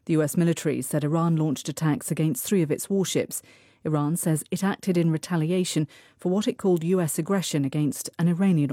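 Low-voiced woman reading the news. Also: warm tone, no room sound, studio quality. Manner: measured, formal. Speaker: newsreader.

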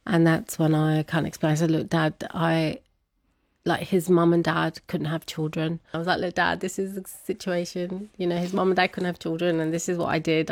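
A woman telling a personal story as an interview guest, laughing often and animated when quoting others. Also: low-pitched, creaky, no echo.

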